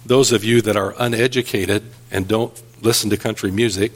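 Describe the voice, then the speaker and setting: A man's voice: on the low side, fairly even intonation, normal speed, very noisy. A man preaching an earnest sermon as pastor, telling stories and building emphasis.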